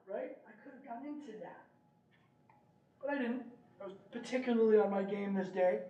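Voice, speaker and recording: A man's voice: high voice, normal speed, long pauses. A middle-aged man speaking at a parent meeting, telling stories and often asking the audience "right?". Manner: animated, asks the audience "right?". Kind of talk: presentation with storytelling. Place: meeting room. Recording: roomy, distant, dull room recording.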